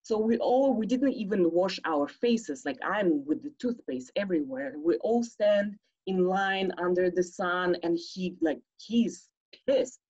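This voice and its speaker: Woman, personal storytelling, animated, acts out quotes, husky, slow, slightly muffled recording. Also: fairly low pitch. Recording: slightly dull lo-fi audio.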